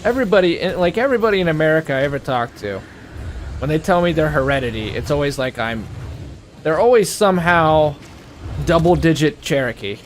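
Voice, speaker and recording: A man's voice: on the high side, lively intonation, a little fast, faint music behind. A man co-hosting a gameplay video, rambling earnestly in casual chat and swearing freely. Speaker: let's play co-host. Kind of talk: casual chat while gaming.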